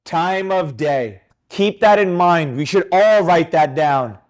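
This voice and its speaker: A man teaching a live trading class, emphatic and animated, quizzing his students with rapid questions. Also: a little high. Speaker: trading instructor.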